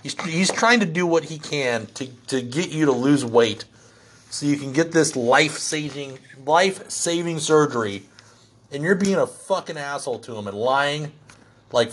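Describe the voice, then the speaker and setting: A middle-aged man on a profane, comedic rant, talking bluntly and crudely with constant swearing. His voice sits at an ordinary mid pitch and keeps rising with heat as he works himself up. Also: breathy edge.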